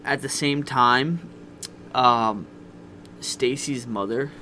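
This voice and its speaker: Bright-voiced young man telling a story. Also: medium pitch, slow pace, a little hiss or hum. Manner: candid, profane storytelling. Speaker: podcast guest. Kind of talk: casual podcast chat.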